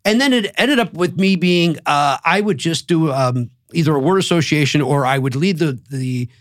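A male comedian guest telling quick, self-mocking stories on a podcast. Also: fairly high pitch, dry recording, studio quality. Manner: quick, self-mocking, bursts into put-on voices. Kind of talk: animated storytelling on a podcast.

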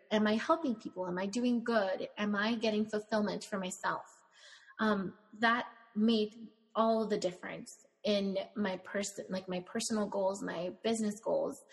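A woman's voice: medium pitch, vocal fry. Emotional storytelling woman, reverberant room. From Latina. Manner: emotional, storytelling with quoted dialogue. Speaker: bridal shop owner. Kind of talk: conversational interview.

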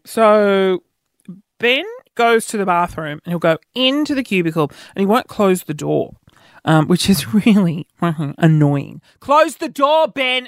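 A man's voice: no room sound, clean studio sound. A man telling everyday stories in a casual, self-mocking monologue, acting out what people said. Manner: chatty, self-mocking, acts out quoted dialogue with pitch jumps.

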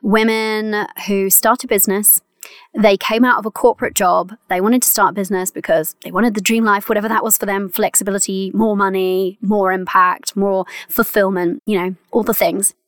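A young adult woman hosting a solo coaching podcast, chatty and encouraging, often laughing and addressing listeners warmly. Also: medium pitch, fairly even intonation, moderate pace, no room sound, studio quality. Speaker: money mindset coach and podcast host.

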